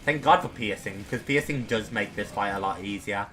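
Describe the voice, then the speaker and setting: A man's voice: on the low side, moderate pace, a bit bright. A young man casually commenting on his own gameplay, chatty and self-deprecating as he talks himself through a boss fight. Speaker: gaming streamer.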